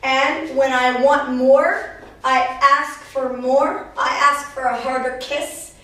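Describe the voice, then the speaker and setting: A woman's voice: high-pitched, steady tone, takes it slowly, pushed and bright. A woman co-teaching a dance class, stating the rules of the dance firmly and summing up the lesson. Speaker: dance instructor. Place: dance studio. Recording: very echoey room, mic far off.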